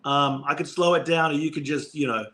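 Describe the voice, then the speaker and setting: A man's voice: fairly high pitch, steady tone, sharp tone. A man from Australia with an Australian accent, joking around as guest co-host on a live stream chat. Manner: joking, fast, dad jokes.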